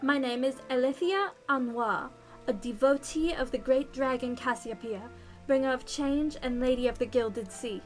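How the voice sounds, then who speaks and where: A woman's voice: high-pitched, moderate pace, a little mellow, lightly acted. A woman voicing a haughty noble female knight with an attempted British accent, speaking grandly, over faint game music. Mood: grandiose.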